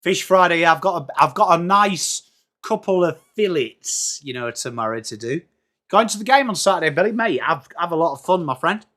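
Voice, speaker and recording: A man's voice: on the high side, expressive, moderate pace, fairly bright tone. A man with an English accent hosting a casual live sports watchalong stream, chatting and greeting viewers by name. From England.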